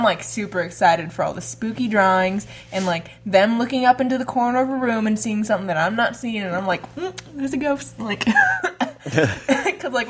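A woman's voice: mid-range voice, a little hiss or hum. A young woman guesting on a podcast, chatty and giggly in casual conversation, often drifting off topic. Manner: giggly, chatty, goes off on tangents. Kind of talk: casual chat.

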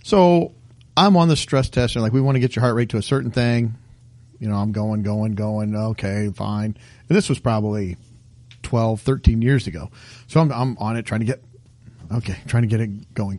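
A man's voice: on the low side, moderate pace, dry recording. A middle-aged man co-hosting a casual chat show, telling funny stories and acting out the doctors and nurses in them. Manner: animated storyteller who acts out the people in his stories. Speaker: podcast co-host.

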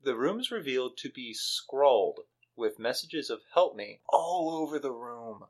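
A man co-hosting a podcast who recaps a film in casual chat, animated and often laughing. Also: medium pitch, measured pace. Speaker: podcast co-host.

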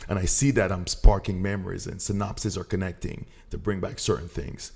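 A man's voice: sits low, steady tone, brisk, gravelly, a little mellow, breathy edge. A man hosting a podcast interview, encouraging his guest with slangy follow-up questions. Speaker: podcast host. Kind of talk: casual interview talk.

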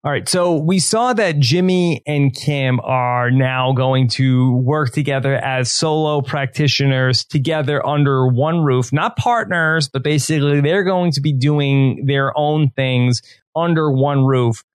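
Laid-back man, mid-pitched, dry sound. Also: measured pace, clear, resonant tone, no echo. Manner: relaxed, many fillers like "like" and "sort of". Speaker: podcast co-host. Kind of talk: casual TV episode discussion.

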